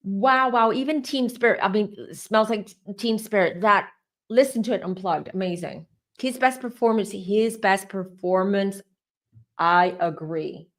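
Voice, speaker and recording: A woman's voice: medium pitch, a little slow, a bit bright. A middle-aged woman doing a live tarot reading, talking in a rambling, chatty and openly emotional way. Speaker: tarot reader.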